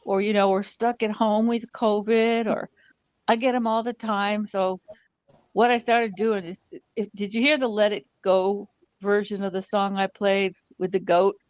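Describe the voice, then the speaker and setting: A woman telling a story in casual chat on a live stream, animated and laughing often as she goes. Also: medium pitch, unhurried, clean tone, dry recording, dull audio.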